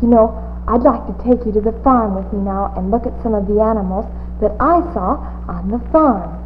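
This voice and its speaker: A woman hosting a children's TV show, talking slowly and coaxingly to small children in a sing-song way, with many little questions. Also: mid-range voice. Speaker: children's TV hostess. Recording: tinny, hissy 1950s TV audio.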